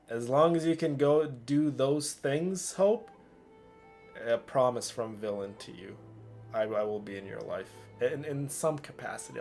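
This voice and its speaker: A man's voice: on the low side, vocal fry, a little mellow. A man streaming, talking to his viewers in a heartfelt, stammering way, sounding worn out. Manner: stammering, heartfelt, repeats himself. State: tired. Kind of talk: emotional livestream chat with viewers.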